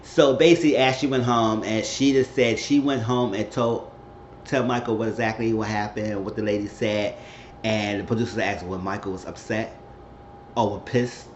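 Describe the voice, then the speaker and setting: A man's voice: lowish voice, steady tone, moderate pace. A man giving a chatty, slangy, rambling recap of a reality TV episode in a casual spoken style. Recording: roomy, dull recording with faint hiss.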